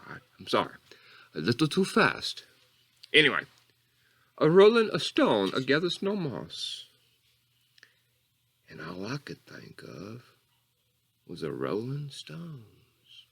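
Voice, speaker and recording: A man's voice: fairly bright tone, slightly rough, heavily acted. A man playing a rambling, folksy bayou character with a Louisiana drawl who tells a meandering, mock-earnest story in a comedy monologue. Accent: Southern US (Louisiana bayou). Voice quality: folksy drawl, wildly swooping pitch. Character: rambling bayou man calling himself Coach Catfish.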